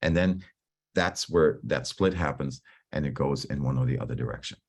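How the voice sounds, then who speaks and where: A man coaching a group on stress in a relaxed, conversational way over a video call, often restarting his sentences and acting out his own inner dialogue. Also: extremely low pitch, normal speed, vocal fry, husky. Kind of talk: online talk on stress.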